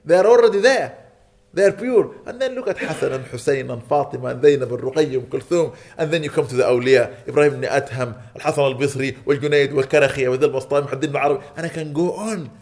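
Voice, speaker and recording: Inside a mosque, a preacher with an ordinary middle-pitched voice delivers an earnest sermon at a quick pace, his tone a little mellow. He hammers his points home through repetition, keeps checking in with the congregation, and slips easily into Arabic phrases and recitation.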